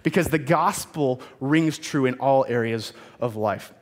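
A man's voice: medium pitch, a little slow, in a large hall. A man preaching a sermon as youth pastor, telling stories earnestly with emphatic repetition, in a church.

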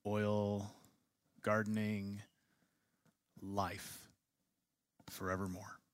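A man's voice: mid-range voice, dry recording. Man teaching a class, dry sound. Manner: asks the class many questions. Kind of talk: classroom lecture.

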